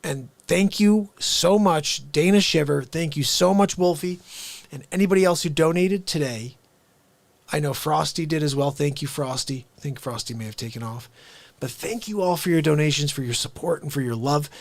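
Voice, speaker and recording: A man hosting a casual live stream who talks straight to his viewers, excitable and upbeat, jumping from loud bursts to quiet asides. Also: a little high, moderate pace, gravelly, dry recording. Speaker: livestream host.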